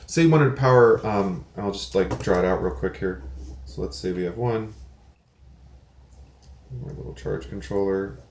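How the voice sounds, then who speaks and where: A man's voice: fairly low pitch, normal speed, long pauses, reverberant, slight background noise. A man hosting a casual video reply, explaining things in a rambling, self-correcting way with offhand swearing. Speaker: prepper channel host. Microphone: desk mic with some feedback.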